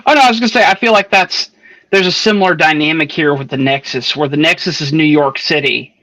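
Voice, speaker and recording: A man from the Atlanta area, chatting in a casual book club with animated, restart-filled storytelling. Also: a little high, fast talker. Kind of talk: casual livestream book chat.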